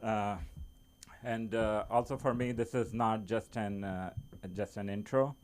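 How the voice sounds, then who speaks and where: A man who is not a native English speaker doing an open mic stand-up set in a small comedy club, halting, with many fillers and restarts. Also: fairly low pitch, fairly even intonation, background noise.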